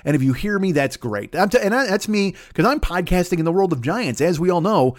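Fast-talking profane man ranting. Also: high-pitched, expressive. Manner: profane, rambling, self-deprecating. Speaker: podcast host. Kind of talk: solo comedy podcast rant. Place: home office at a desk.

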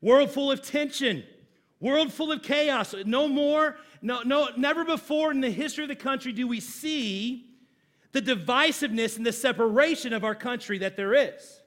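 A man pastor preaching a sermon in a church, leading call-and-response with slow, deliberate delivery and sudden loud emphases. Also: very high-pitched.

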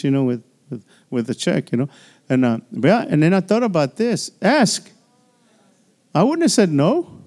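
An older male pastor preaches in a high, light voice. He moves between lively exhortation and chatty, laughing asides, as if talking straight to the congregation in church. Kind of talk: sermon.

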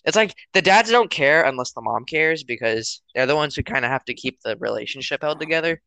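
A teenage man co-hosting a podcast in casual chat, rambling and acting out his parents in loud quotes. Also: a little high, lively intonation, a little fast, gravelly, clean tone, dry recording, rough recording. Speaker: podcast co-host.

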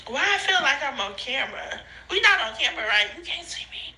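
A woman's voice: sits high, expressive, a little fast, vocal fry, hardly any pauses, sharp tone, rough recording. A woman rambling in phone voice notes to a friend, swearing a lot, laughing and crying in turns and losing her train of thought. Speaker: podcast host sending voice notes. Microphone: phone voice memo.

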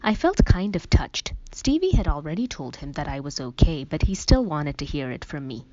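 A woman's voice: deep voice, big pitch swings, moderate pace, mellow, no room sound. A woman reading a first-person story aloud in a wry, conversational way. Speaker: audiobook narrator. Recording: dull, dry lo-fi recording.

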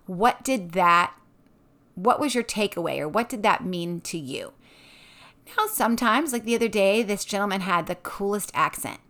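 Woman, mid-pitch, lively and friendly, casual mom sharing a family devotional routine. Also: moderate pace. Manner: upbeat and expressive, laughs often. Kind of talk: casual tips talk.

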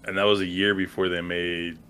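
A man in casual movie chat, relaxed and dry, filling in plot details. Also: low-pitched, a little fast, clean tone. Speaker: podcast co-host.

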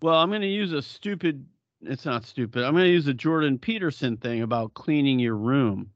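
A man's voice: mid-range voice, animated, brisk, dry recording, lo-fi sound. A middle-aged man co-hosting a podcast in casual chat, blunt and profane, often laughing. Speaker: podcast co-host.

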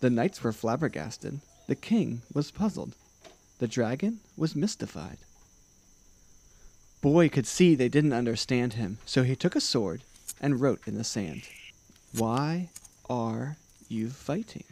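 A man reading a picture book aloud to a child, slow and expressive, adding sound effects. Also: medium pitch, gravelly.

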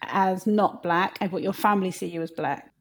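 A woman hosts a conversational interview. She asks calm, probing questions and often agrees as the guest talks. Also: lowish voice, moderate pace, creaky.

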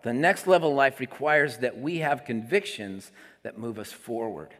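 A male pastor giving a conversational sermon, moving between quiet asides and emphatic declarations. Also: medium pitch, unhurried, few pauses. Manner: conversational preaching, swings between soft asides and emphatic lines. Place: church sanctuary. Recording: long hall reverb.

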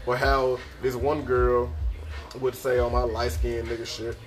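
A man's voice: mid-range voice, flat delivery, measured pace, faint music behind. A young man, telling a podcast story in a casual, profane, laughing way. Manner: profane, laid-back, laughing asides. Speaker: podcast host.

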